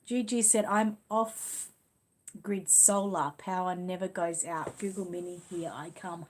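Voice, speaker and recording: A woman's voice: fairly low pitch, fairly even intonation, moderate pace, a little mellow. A woman from Australia with an Australian accent, hosting a casual live stream and chatting as she reads out viewer comments. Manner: chatty, reads comments aloud and reacts with small laughs. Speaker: channel host reading viewer comments.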